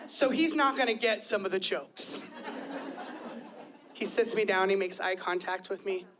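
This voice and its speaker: Speaking unhurriedly in a mid-range voice, a woman in her thirties delivers chatty, self-deprecating stand-up at a club, livening it with quoted voices. The live recording carries background noise and crowd laughter.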